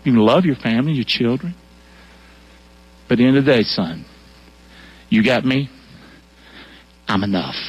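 A man preaching and voicing God as a calm, reassuring, fatherly presence. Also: mid-range voice, breathy edge, muffled recording, voice pushed down. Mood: tender. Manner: slow, warm, reassuring, fatherly. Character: God, deep fatherly divine voice, calm and assuring. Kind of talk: sermon with acted divine voice.

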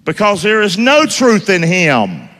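A man's voice: high-pitched, huge pitch swings, a little slow, a bit bright, big-room sound. A man preaching a sermon in a call-and-response style, firing questions for the congregation to answer. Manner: call-and-response preaching, asks the crowd to finish lines.

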